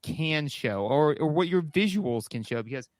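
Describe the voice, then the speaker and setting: A man in his thirties co-hosting a podcast, casually reviewing a retro game and agreeing often in a halting way. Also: a little high, expressive, dry recording, clean studio sound. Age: 30s. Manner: agreeable, halting, repeats "like" and "you know". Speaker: podcast co-host.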